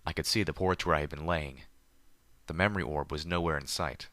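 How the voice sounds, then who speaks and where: A man reading a story aloud in the first person with a measured, deliberate delivery. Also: extremely low pitch, steady tone, sharp tone, no room sound. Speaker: audiobook narrator.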